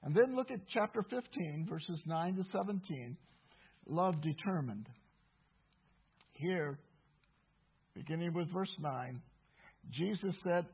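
Male pastor, sermon delivery, husky tone, emphatic repetition, lo-fi phone-like recording. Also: on the high side, animated, slow, long pauses. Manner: earnest, emphatic, repeats key phrases. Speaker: preacher. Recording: tinny phone-like sound.

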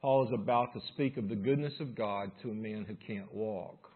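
A man's voice: fairly low pitch, normal speed, slightly rough, narrow, tinny audio. A man preaching a sermon and reading scripture aloud, building force as he reads. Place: church service room.

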